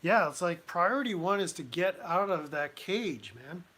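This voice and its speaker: A man hosting a casual commentary livestream, talking in a halting way with many restarts and fillers. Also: sits high, animated, sharp tone. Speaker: livestream host.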